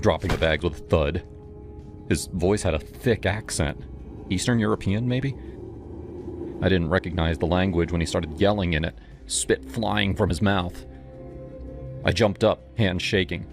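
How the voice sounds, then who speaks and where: A man's voice: sits low, unhurried, over music. A man reading a scripted first-person horror story in a dramatic, tense way.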